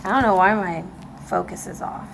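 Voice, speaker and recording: A woman giving a casual tarot reading to camera, excitable and emotional, talking straight to her viewers. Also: medium pitch, normal speed, creaky, a little hiss or hum, low-quality recording. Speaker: tarot reader. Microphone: camera mic.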